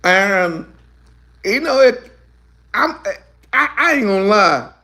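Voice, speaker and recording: High-voiced gravelly fiery preacher. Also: male voice, sing-song, slow pace. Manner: emphatic, repetitive, swinging from quiet to shouting. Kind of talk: fiery sermon.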